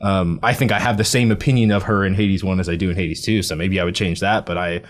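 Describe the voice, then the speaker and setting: A man's voice: low-pitched, fairly even intonation, fast. A man guesting on a studio podcast, rambling and hesitant as he searches for words in casual chat. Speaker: guest video editor.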